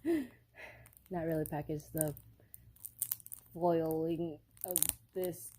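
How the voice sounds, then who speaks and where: A woman's voice: deep voice, very slow, warm tone, a little hiss or hum. A young woman filming a casual unboxing vlog on her phone at home, giddy and giggly, rambling with lots of fillers. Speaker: vlogger. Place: upstairs room at home. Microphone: phone held by the speaker.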